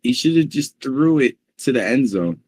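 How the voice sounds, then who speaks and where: A man giving excitable live play-by-play commentary on a football game, reacting loudly to each play. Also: medium pitch, moderate pace, husky, dry recording.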